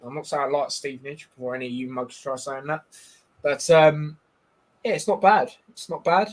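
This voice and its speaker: Steady in tone and fairly high in pitch, a man at a moderate pace hosts a live football watchalong. His stream chat rambles with banter and filler words as he narrates the match live.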